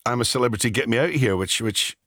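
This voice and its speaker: A man's voice: medium pitch, fast, a bit bright, no room sound. Effusive male radio host, dry sound. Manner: enthusiastic, effusive praise. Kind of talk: radio interview.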